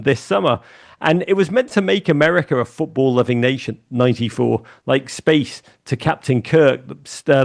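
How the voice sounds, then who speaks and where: A man, a guest telling lively anecdotes in a casual interview. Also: mid-range voice, creaky. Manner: animated anecdotes, fast asides. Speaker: guest, media founder and author.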